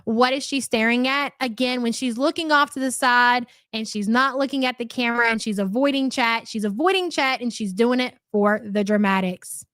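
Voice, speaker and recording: A woman's voice: fairly high pitch, normal speed, few pauses, a bit bright, no echo, studio quality. A woman hosting a live commentary stream, chatty and sarcastic as she reacts to clips and thanks viewers. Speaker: livestream commentary host.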